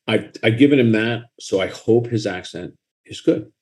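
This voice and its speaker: A man with a Boston accent, an author talking frankly and with animation in a casual interview. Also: lowish voice. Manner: frank and animated, quick asides and laughter.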